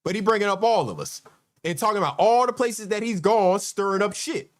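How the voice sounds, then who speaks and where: A man's voice: high-pitched, animated, brisk. A man hosting a livestream, commenting on played clips in a sarcastic, exasperated way. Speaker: host.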